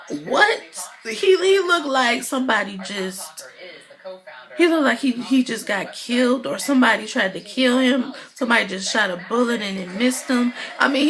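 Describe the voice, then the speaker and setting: A woman's voice: a little high, fairly bright tone, rough recording. Chatty woman recapping a TV episode. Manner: chatty, opinionated, lots of fillers. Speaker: video blogger.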